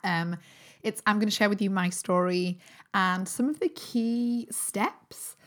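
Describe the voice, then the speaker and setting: A British woman, a holistic nutritionist, hosting her own podcast in a chatty, upbeat way, her voice still a little croaky from a recent cold. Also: mid-range voice, slow pace, fairly bright tone. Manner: chatty and upbeat, with frequent fillers and restarts. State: slightly croaky voice recovering from a cold. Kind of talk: casual solo podcast talk.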